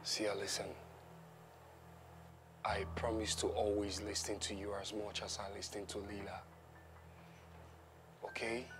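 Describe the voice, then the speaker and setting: A man's voice: lowish voice, level tone, measured pace, long pauses, background noise. A man playing a tired father who soothes his crying daughter and pleads with his partner, in a family drama skit. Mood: pleading. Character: weary father torn between daughter and partner. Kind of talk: amateur family drama acting.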